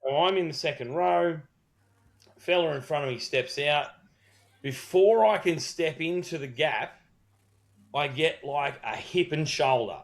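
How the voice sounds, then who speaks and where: An Australian man with a gravelly, somewhat high voice speaks at a measured pace. Co-hosting a podcast, he tells a rambling, profanity-laden story in casual chat, restarting it many times.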